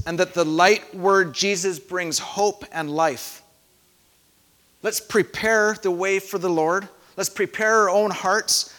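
Pastor guy preaching in a big echoey church, highish bright voice, calm and thoughtful, goes soft then gets loud. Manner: calm, reflective preaching with soft drops and loud call-and-response shouts. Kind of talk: sermon. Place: church sanctuary. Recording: echoey hall.

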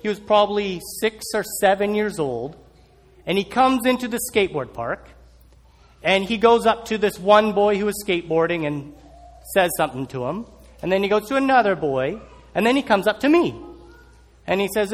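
A man telling a personal story as a sermon, animated and acting out scenes. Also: high-pitched, moderate pace, long reverb tail.

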